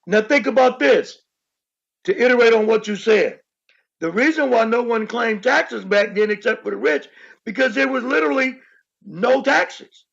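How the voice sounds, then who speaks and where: A man co-hosting a casual talk show, explaining his points emphatically and repeating them for stress, with a raspy voice. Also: extremely high pitch, normal speed, a bit bright, muffled recording. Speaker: co-host. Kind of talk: casual podcast discussion.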